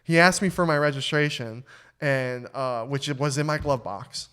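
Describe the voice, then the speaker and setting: A young adult man hosting a podcast, telling a story in casual chat with lots of swearing and quick restarts. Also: medium pitch, clear, resonant tone. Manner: animated, swears freely, stammers and restarts. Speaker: podcast host.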